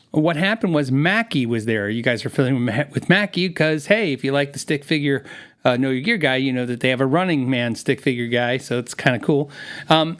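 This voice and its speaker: A man's voice: a little high, a bit bright. A man hosting his own live podcast, chatting casually and rambling through a story with frequent laughs, speaking into a studio mic while wearing headphones. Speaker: podcast host. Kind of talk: casual live-stream chat.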